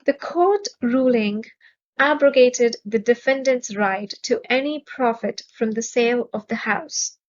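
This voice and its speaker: Woman, vocabulary teacher, unhurried, crisp enunciation, muffled audio. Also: on the high side. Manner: measured, clearly enunciated, stresses syllables. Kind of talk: slow, careful vocabulary lesson.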